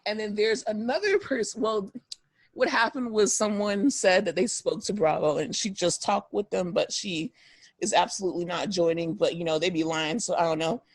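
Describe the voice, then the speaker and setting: A woman's voice: medium pitch, moderate pace, dry recording. A young woman co-hosting a podcast, gossiping in a casual chat and laughing often. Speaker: podcast co-host.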